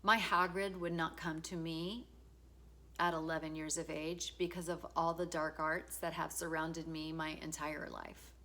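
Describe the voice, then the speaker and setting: A middle-aged woman reads her own book introduction aloud, frank and emotional, stepping out of the text for casual asides and swearing. Her voice sits a little low in pitch but sounds sharp and bright. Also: little pitch movement, unhurried. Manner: frank and emotional, swears freely, laughs often. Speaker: author.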